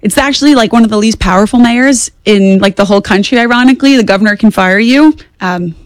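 A woman in her twenties, a guest on talk radio, speaking in a rapid, animated and opinionated way. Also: on the high side, no echo. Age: 20s. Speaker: guest commentator. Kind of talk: casual political talk radio.

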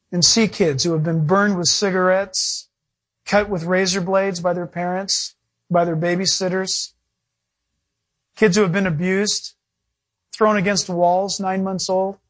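A male pastor preaching a sermon, animated and acting out little dialogues. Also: high voice.

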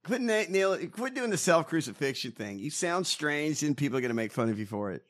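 A man's voice: on the high side, brisk. A man co-hosting a podcast, mocking and profane in casual political banter. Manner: profane, mocking, animated ranting. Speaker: podcast co-host.

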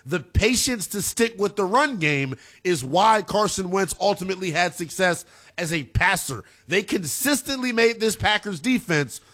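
A man hosting a late-night sports talk radio show, breaking down football stats in a lively, analytical way. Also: high-pitched, moderate pace. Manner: animated, analytical, talks through stats.

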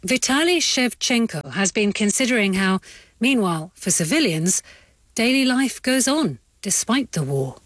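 A woman radio news presenter delivering scripted links with a crisp manner. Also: medium pitch, animated, normal speed, no room sound.

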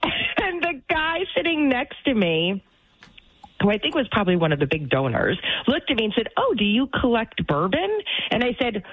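Woman producer, animated and playful, heard over a dry phone line. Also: a little high, normal speed, dry recording. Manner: playful, laughing, lively storytelling. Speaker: show producer. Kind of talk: casual chat.

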